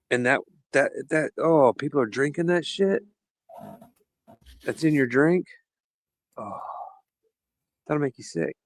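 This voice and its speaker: A man's voice: mid-range voice, dry recording. Chatty, laughing male podcast host. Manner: animated storyteller, laughs often. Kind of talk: casual chat.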